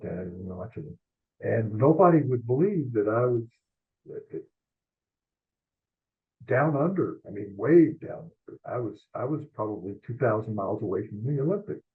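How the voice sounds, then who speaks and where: Older male columnist guest, husky voice, animated rambling storyteller, phone-quality audio. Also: on the low side. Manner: animated rambling anecdotes, quick asides. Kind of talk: storytelling interview. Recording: tinny phone-like line.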